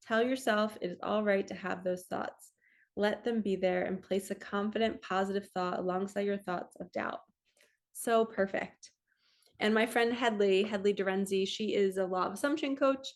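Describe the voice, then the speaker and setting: Chatty woman teaching spiritual lessons. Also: medium pitch. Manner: chatty, reads passages aloud and comments. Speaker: spiritual coach. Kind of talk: casual spiritual teaching vlog. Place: home, in front of a computer. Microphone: computer camera.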